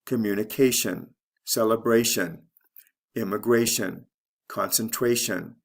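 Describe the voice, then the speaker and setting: A man teaching English, slowly reading out vocabulary lists word by word with clear enunciation. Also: fairly low pitch. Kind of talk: slow deliberate vocabulary drill.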